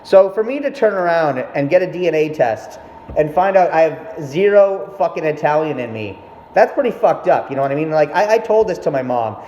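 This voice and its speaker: A young man vlogging tells a meandering, expletive-heavy tale about his mother in a relaxed monologue, often interrupting himself. His voice sits on the high side with a darkish tone. The audio is echoey and dull, with a little noise underneath.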